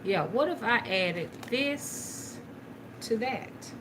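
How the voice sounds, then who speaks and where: A woman's voice: mid-range voice, very animated, slow. Woman, rambling live-stream chatter, talks to the viewers, noisy background hiss. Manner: rambling, chatty, addresses viewers as y'all, occasional cussing. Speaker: spiritual reader hosting a live stream. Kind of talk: casual live-stream chat while beading.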